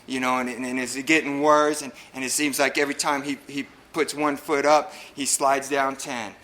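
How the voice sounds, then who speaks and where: A man's voice: mid-range voice, little pitch movement, normal speed, bright, forceful tone. A man from El Paso, Texas, sharing his recovery story at a convention in an earnest way, with many repeated words and fillers.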